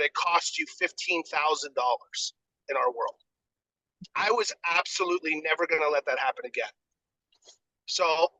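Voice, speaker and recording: A man's voice: fairly high pitch, sharp tone, no room sound, poor audio. A man co-hosting a real estate coaching podcast, telling a story in a candid, emphatic way. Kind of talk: casual podcast discussion.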